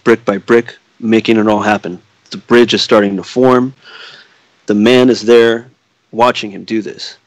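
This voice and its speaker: A man's voice: lowish voice, dry recording, poor audio. A man on a podcast casually telling a spooky story, swearing freely and acting out the quoted dialogue.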